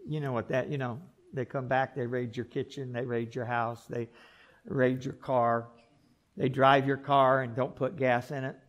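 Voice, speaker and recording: A male pastor preaching a sermon in an animated way, repeating words and adding joking asides. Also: mid-range voice, moderate pace, highs cut off.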